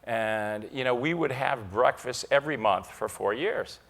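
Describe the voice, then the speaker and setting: A man's voice: medium pitch, a little slow, creaky. A man from Ohio, a company CEO, telling stories as the guest of an on-stage keynote interview. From Ohio, USA. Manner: animated storyteller.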